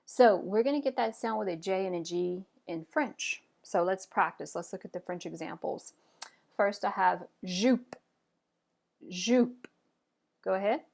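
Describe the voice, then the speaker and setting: A woman teaching a French pronunciation lesson. She talks patiently and encouragingly, saying each word slowly and then asking the listener to repeat it. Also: mid-range voice, vocal fry, darkish tone.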